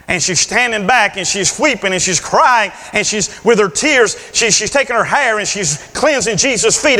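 A man preaching a sermon with lively delivery, acting out the voices of biblical figures. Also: high voice, long reverb tail.

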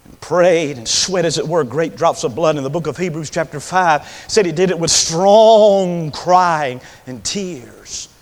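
A man preaching a revival sermon in a church. He moves from hushed storytelling to shouted, drawn-out calls. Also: fairly high pitch. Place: church sanctuary. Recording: long reverb of a church hall.

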